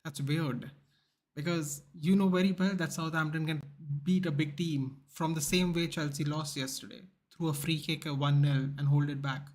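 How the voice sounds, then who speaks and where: Male streamer, slightly high voice, casual rambling opinionated chat for a football watchalong. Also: steady tone, moderate pace. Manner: rambling, opinionated, peppered with "dude".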